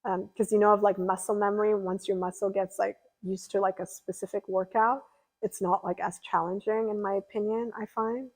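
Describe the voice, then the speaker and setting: A young woman talking to her stream in a loose, rambling way, full of fillers and asides. She chats casually as she answers viewer comments, at an ordinary middle pitch. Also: level tone, moderate pace, rough recording. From California. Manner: chatty and rambling, lots of fillers. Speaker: livestreamer.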